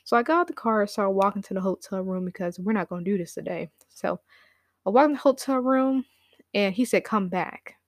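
Woman, casual storytelling, animated quoting, dry sound. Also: brisk, dry recording. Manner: animated, acts out quotes with big pitch jumps, laughs now and then. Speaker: storyteller recounting a personal story.

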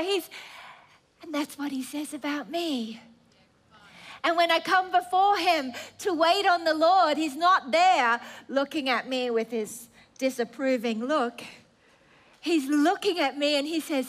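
A woman preaching a sermon in an earnest, emphatic way, with drawn-out phrases and stammering restarts. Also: high-pitched, a bit bright.

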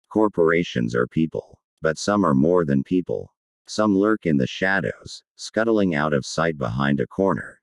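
A brooding, creepy male ad announcer, put on by a performer for a spoof commercial. The voice sits extremely deep with a gravelly edge, and the intonation rises and falls with drama. It is recorded dry and close. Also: dry recording, heavily acted. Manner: slow, brooding, creepy delivery.

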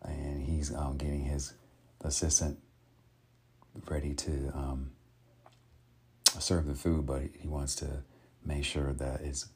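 A man vlogging in a casual, rambling way, with many pauses and restarts. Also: rumbling low, flat delivery, darkish tone, slightly rough. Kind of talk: casual chat.

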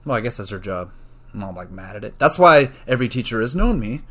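A man's voice: lowish voice, very animated, fast, sharp tone. A man talking casually on his own, rambling, swearing freely and drifting into jokey asides. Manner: rambling, profane, joking asides. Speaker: student. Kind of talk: casual solo monologue.

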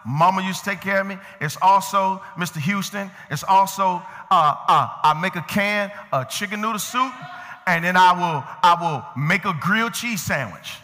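A male pastor preaching a sermon, moving from easy conversational talk to shouted emphasis and calling out to members of the congregation by name. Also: sits high, normal speed. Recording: long reverb of a large hall.

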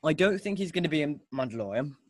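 A podcast host with a slightly high, expressive voice talks fast and enthusiastically in a casual chat. He rambles and restarts often, and the recording has no room sound.

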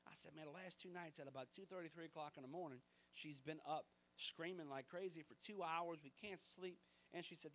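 Male pastor, fairly high voice, lively storytelling sermon. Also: a little fast, slight background noise. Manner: animated, conversational storytelling.

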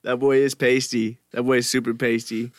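A man's voice: mid-range voice, flat delivery, normal speed, no room sound. Laid-back slangy male podcast host. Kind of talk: casual group chat.

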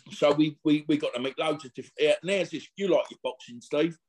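A man's voice: on the high side, a little fast, darkish tone. A middle-aged man, an interview guest telling long, slangy anecdotes full of restarts and acted-out quotes. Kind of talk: casual anecdotal storytelling.

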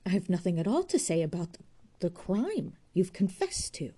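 A woman's voice: lowish voice, very animated, normal speed, dark tone, slightly rough. A woman reading aloud voices a weary, bitter young man who speaks in a tense, clipped way.

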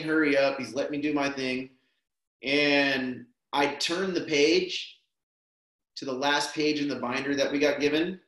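A man telling a personal story in casual, rambling conversation, tossing in "man" and "dude" as he goes. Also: fairly high pitch. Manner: relaxed, rambling, peppers speech with "man" and "dude". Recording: roomy echo.

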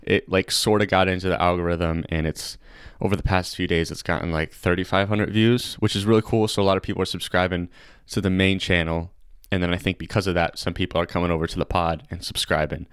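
A young man hosting a casual comedy podcast, chatty and excitable, laughing often. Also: low-pitched, quick pace, smooth, no echo, clean studio sound. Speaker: podcast host.

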